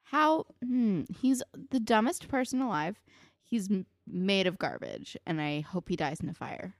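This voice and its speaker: A woman's voice: medium pitch, animated, unhurried, no echo, studio quality. A young woman in casual chat who vents about a TV character, full of fillers and emphatic swearing. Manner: filler-heavy, profane, emphatic venting. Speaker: podcast co-host.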